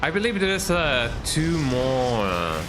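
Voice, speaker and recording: A man's voice: mid-range voice, very animated, slow pace, noisy background. Playful man streaming a game. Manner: playful, tags lines with "eh?". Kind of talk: casual live-stream commentary. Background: game music.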